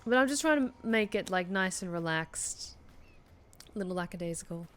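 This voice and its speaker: A woman's voice: lowish voice, expressive, moderate pace. A woman streaming a game, thinking aloud in casual, hesitant chat full of fillers. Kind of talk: casual gameplay commentary.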